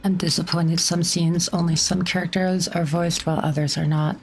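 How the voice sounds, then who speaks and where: A woman's voice: lowish voice, little pitch movement, normal speed, faint music behind. A woman streamer giving casual game commentary in a chatty, rambling manner full of likes and restarts.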